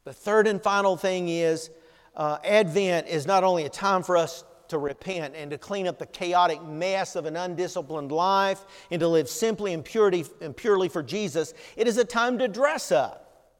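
An older man preaching a sermon as pastor, earnest and emphatic, often repeating words and pausing. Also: high-pitched, in a large hall.

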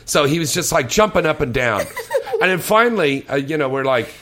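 A man's voice: a little high, expressive, fairly quick, heavy background noise. A man hosting a loose, joking talk show chat and teasing his guest. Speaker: host.

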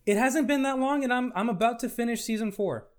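A man chatting as a podcast guest, animated and casually swearing. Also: very high-pitched, a little fast. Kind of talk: casual chat.

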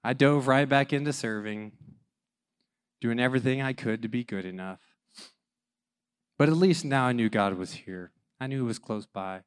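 A man in his thirties telling a personal story about being a father, animated and self-mocking, acting out the dialogue. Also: mid-range voice, moderate pace, long pauses, clean tone.

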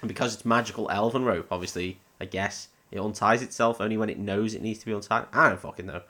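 A man's voice: lowish voice, fairly even intonation, fast talker, sharp tone. A man hosting a podcast, giving a casual, sweary, rambling film recap and laughing often. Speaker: podcast host.

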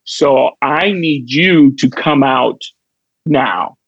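A man's voice: mid-range voice, extremely slow, breathy edge, dry recording, muffled recording. A middle-aged man from Chicago, a comedian guest on a podcast, telling a backstage story and acting out the quoted dialogue. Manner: lively anecdote teller who acts out quoted dialogue.

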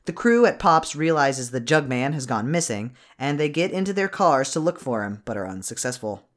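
A man co-hosting a podcast, recapping a movie in rambling, profane casual chat. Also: medium pitch. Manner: rambling, profane, animated, quick bursts.

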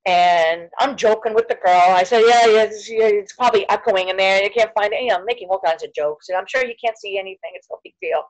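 A woman's voice: mid-range voice, fast, few pauses, poor audio. A middle-aged woman, a podcast guest, telling her own story, acting out the people she quotes and dropping almost to a whisper at the hardest parts. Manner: animated storyteller, acts out quoted voices, drops to near whisper at hard moments. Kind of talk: personal storytelling interview.

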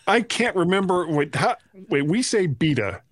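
A man's voice: high voice, animated, normal speed. A man from the United States hosting a podcast, chatting playfully and often breaking off mid-sentence. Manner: playful, self-interrupting, mock-formal. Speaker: podcast host. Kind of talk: casual chat.

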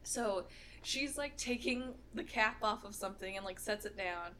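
A woman's voice: mid-range voice, moderate pace, bright, forceful tone, a little hiss or hum. A young woman co-hosting a podcast, telling a story in a rambling, casual way, laughing often and swearing freely. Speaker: podcast co-host.

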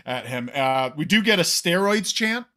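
Lebhafter Mann im lockeren Podcast-Plausch. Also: male voice, fairly high pitch, normal speed. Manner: animated, swears freely, acts out quotes. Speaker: podcast co-host. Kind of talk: casual wrestling recap chat.

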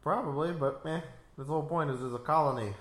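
A man's voice: fairly high pitch, fast talker. A man chatting casually through a movie commentary, playful and silly, explaining things with jokes. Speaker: commentary co-host. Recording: echoey room.

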